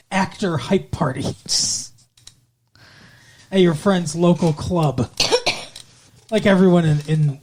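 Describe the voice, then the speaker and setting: A woman's voice: on the low side, a little mellow, a little hiss or hum. A woman co-hosting a podcast, recapping a TV episode in casual chat, sarcastic and teasing, swearing and laughing often. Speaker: podcast co-host.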